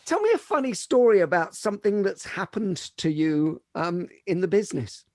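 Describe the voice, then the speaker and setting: A man's voice: sits high, sing-song, moderate pace, darkish tone, no echo. A man hosting a podcast, asking guests curious, prompting questions. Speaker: podcast host. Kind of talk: interview questions. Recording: dry, close sound.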